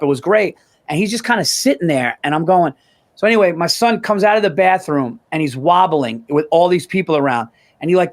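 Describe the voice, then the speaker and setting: A middle-aged man with a high voice talks in a loose, rambling way. His casual sports chat is full of swearing and stop-start detours. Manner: rambling, profane storyteller. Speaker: podcast co-host.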